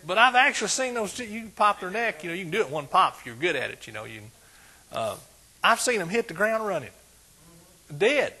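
A man preaching a sermon, folksy and animated, dropping soft and then rising loud. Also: high voice, brisk, husky.

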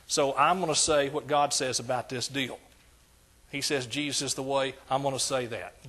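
A man's voice: mid-range voice, fairly even intonation, normal speed, fairly bright tone, husky. An older man preaching a sermon as pastor, emphatic and repetitive in his cadence.

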